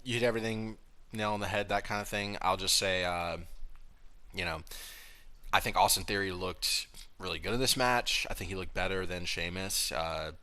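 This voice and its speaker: A young man co-hosting a casual podcast, laughing often and trailing off quietly. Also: low-pitched, moderate pace. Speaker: co-host.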